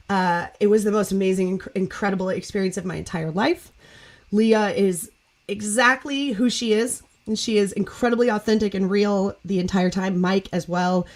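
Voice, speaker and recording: A woman hosting a casual podcast chat over a video call, telling a story in a bubbly, gushing way and laughing often. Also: medium pitch. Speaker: podcast host.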